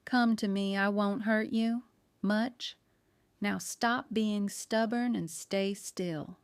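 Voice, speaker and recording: A woman reading an audiobook, voicing a fiery, warm-hearted woman baker who gets exasperated and theatrical. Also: medium pitch, fairly even intonation, takes it slowly, clean tone, dry recording. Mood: fierce, playful.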